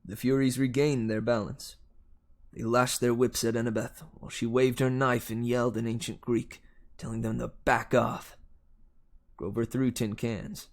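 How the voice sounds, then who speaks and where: A man reads a novel aloud in a steady first-person voice. His pitch sits at an ordinary middle level for a man. The delivery is plain and even. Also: moderate pace. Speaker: audiobook reader.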